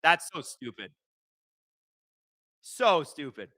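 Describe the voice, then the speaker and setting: A young man hosting a live watch-along of a hockey game, calling the plays fast and shouting at the referees. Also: a little high, no room sound, studio quality. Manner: excitable, shouts and swears at the referees.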